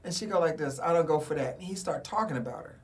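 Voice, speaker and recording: A man's voice: a little high, fast. A man hosting a casual radio talk show, telling a story and acting out the dialogue. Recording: community radio studio.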